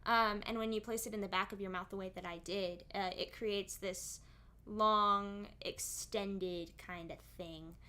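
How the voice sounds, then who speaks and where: A woman's voice: mid-range voice, steady tone, brisk, hardly any pauses, pushed and bright. A young woman, a singer and streamer, chatting casually on stream and explaining at length with many asides.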